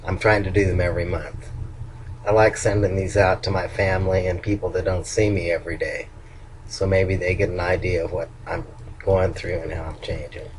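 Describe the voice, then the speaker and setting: Low-voiced older man, chatty video diary. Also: flat delivery, normal speed, slight background noise, rough recording. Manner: chatty, candid and upbeat. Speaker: vlogger.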